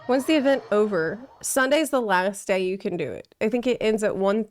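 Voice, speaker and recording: A woman's voice: medium pitch, animated, moderate pace. A woman streamer chatting casually and laughing as she plays through a game. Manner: chatty and giggly, reacts to the game. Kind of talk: casual gameplay commentary.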